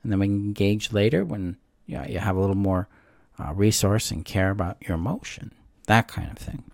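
A gentle, soft-spoken man explains emotional boundaries in a calm, reassuring teaching voice. His tone sits low with a gravelly texture. The sound is dry and close, with no room echo. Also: fairly quick. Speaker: codependency coach and course teacher. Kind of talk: calm instructional talk to camera.

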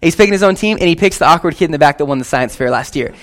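A young man preaching a sermon to his church in a lively, conversational way, with quick asides and casual slang. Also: fairly high pitch. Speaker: pastor.

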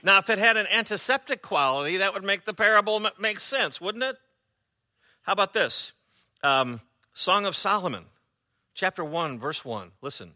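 Bright-voiced sarcastic pastor preaching. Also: male voice, sits high, lively intonation, moderate pace. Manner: conversational and sarcastic, with many fillers. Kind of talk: sermon.

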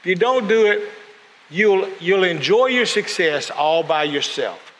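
An unhurried male preacher with a high, fairly bright voice and lively intonation tells stories during his sermon, acting out the voices of people he quotes. The sound carries a long hall reverb with faint noise underneath.

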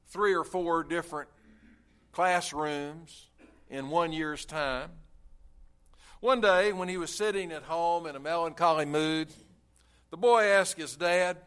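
A male pastor preaching a sermon, telling a story and giving an invitation in an earnest, emphatic way with drawn-out phrases. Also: on the high side, a bit bright, clean tone.

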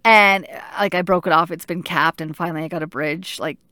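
A middle-aged woman telling a personal story in casual talk, animated and halting, with many restarts and filler "like"s. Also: lowish voice, dry recording.

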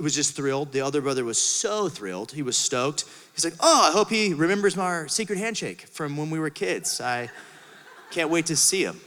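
Animated bright-voiced man preaching in a hall. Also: sits high. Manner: animated, acts out the father's voice, swings from shouts to hushed asides. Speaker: pastor. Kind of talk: sermon. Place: church auditorium. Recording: large hall with long reverb.

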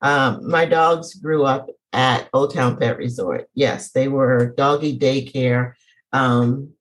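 A woman hosting a casual chat, playful and animated, laughing as she talks. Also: extremely low pitch, takes it slowly, low-quality recording. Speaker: podcast host.

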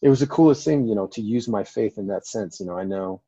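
Low, mellow-voiced man, dull lo-fi audio. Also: fast talker, slightly rough, dry recording. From Colorado, US. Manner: earnest, rambling, many fillers. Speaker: firefighter and paramedic guest. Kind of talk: casual interview storytelling.

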